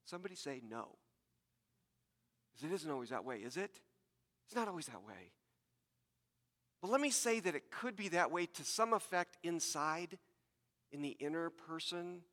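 A man's voice: a little high, very animated, normal speed, long pauses, fairly bright tone, big-room sound. A man preaching a sermon to his congregation, talking conversationally with repeated words and asides. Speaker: pastor.

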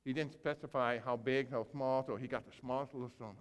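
Animated preacher in a reverberant hall. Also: male voice, mid-range voice, fairly quick, smooth. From grew up on a small farm. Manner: animated storytelling, acting out characters with big swings in volume. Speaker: pastor. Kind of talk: sermon. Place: church sanctuary.

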